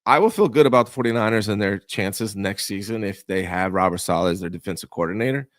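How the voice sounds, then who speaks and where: A man's voice: lowish voice, fast, no room sound. Opinionated young man, dry close sound. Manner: emphatic, opinionated, casual slang. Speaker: co-host. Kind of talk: casual sports talk.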